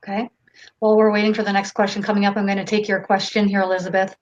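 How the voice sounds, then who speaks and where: A woman with a Canadian accent, hosting a live stream and reading viewer questions aloud in a casual, relaxed way. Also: mid-range voice, fast, highs cut off. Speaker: host.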